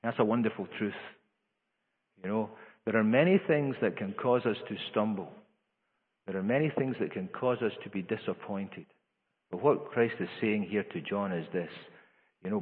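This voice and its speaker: A man preaching a sermon in an earnest way, his voice rising higher and louder for emphasis, with frequent restarts. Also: moderate pace. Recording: echoey hall over a tinny lo-fi line.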